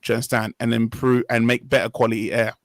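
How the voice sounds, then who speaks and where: A man's voice: medium pitch, level tone, quick pace, no room sound, poor audio. A young man hosting a casual discussion, talking in an earnest, rambling way and often correcting himself mid-sentence. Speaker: podcast host.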